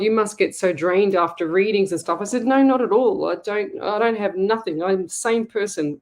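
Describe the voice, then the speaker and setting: An Australian woman hosting a live psychic medium show, talking casually and rambling as she gives blunt advice to her viewers. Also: medium pitch. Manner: chatty, rambling, direct advice-giving. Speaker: psychic medium radio host. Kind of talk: casual live-stream reading.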